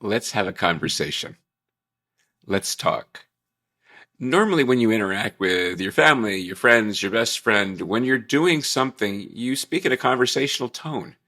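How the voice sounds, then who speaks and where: A man trainer talks through a recorded morning lesson in a bright, forceful voice. He keeps it upbeat and chatty, tossing in jokey asides. The sound carries the bounce of a bare room with glass walls and a marble floor. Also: on the low side, expressive, moderate pace. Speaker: workplace trainer.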